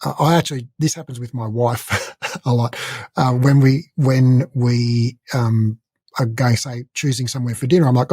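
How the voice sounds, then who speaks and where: A man's voice: mid-range voice, steady tone, moderate pace, a little mellow, breathy edge, no echo. A man co-hosting a podcast, talking casually and rambling with lots of fillers. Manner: rambling, chatty, frequent fillers. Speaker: podcast co-host. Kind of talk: casual conversation.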